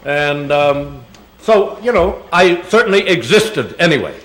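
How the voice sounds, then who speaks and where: A man's voice: fairly high pitch, expressive, a little slow, fairly bright tone. Older man telling rambling anecdotes. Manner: rambling anecdotes with many fillers and chuckles. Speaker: guest speaker answering audience questions. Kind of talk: public Q&A talk. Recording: echoey hall sound.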